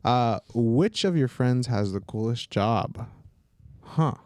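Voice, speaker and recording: A man with a medium-pitched, darkish voice and lively intonation takes his time as he co-hosts a podcast. His casual chat is hesitant and full of fillers.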